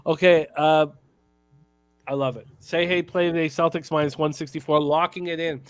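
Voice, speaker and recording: Man, host, upbeat, slightly high voice, dry close sound. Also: steady tone, moderate pace, clear, resonant tone, dry recording. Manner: upbeat, plugs shows, reads chat names. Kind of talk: casual sports radio hosting.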